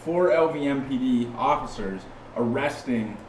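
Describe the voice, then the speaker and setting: A man from California, a podcast guest, telling a story in a casual, animated way, often restarting and acting out the people he quotes. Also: mid-range voice, moderate pace, a little hiss or hum. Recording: roomy sound from a distant mic, faint ambience.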